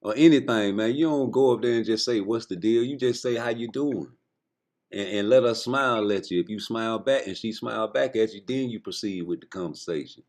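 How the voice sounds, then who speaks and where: A man's voice: fairly low pitch, fairly quick. Insistent man coaching in casual banter. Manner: coaching, insistent, repeats himself.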